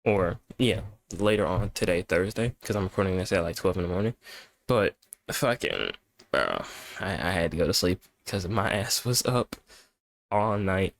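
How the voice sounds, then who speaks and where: A man's voice: sits low, animated, moderate pace, creaky. A young man hosting a casual reaction video, rambling and profane, tired from staying up. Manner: rambling, profane, laid-back. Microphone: webcam setup at home.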